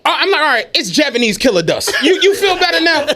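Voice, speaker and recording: A young man telling a story in a profane, animated casual chat on a podcast, laughing often. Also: very high-pitched, fast talker. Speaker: podcast host.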